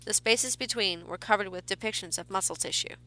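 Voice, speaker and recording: Bright-voiced woman narrating a horror story. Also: mid-range voice. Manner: measured reading with small restarts.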